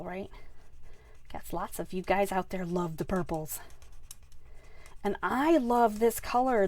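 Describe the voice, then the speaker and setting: A woman chatting her way through a card-making tutorial, rambling with lots of fillers and restarts. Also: on the low side. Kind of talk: casual craft tutorial.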